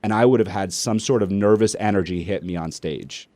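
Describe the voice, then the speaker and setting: Middle-aged male host, low voice, dry close sound, animated storyteller. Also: a little fast, no echo. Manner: animated, acts out family dialogue. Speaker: podcast host and speaker. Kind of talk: casual storytelling in an interview.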